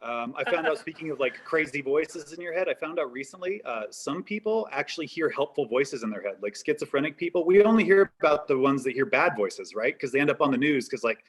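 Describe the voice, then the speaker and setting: A man's voice: a little high, expressive, brisk, few pauses, slightly rough. A man doing a stand-up comedy set over a video call, rambling and self-deprecating, with a lot of "like" fillers. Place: home set-up on a live stream.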